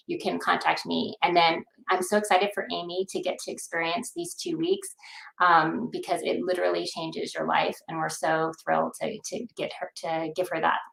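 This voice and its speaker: A woman's voice: on the low side, vocal fry, reverberant, poor audio. A woman guest on a video call, talking in an upbeat, rambling way with many fillers. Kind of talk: casual video call pitch.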